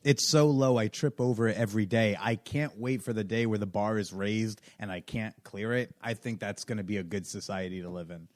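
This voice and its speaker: A man's voice: lowish voice, brisk, hardly any pauses, dry recording, studio quality. A man from New Jersey, a comedian guest on a podcast, chatting casually in a joking, self-deprecating way. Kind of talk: casual chat.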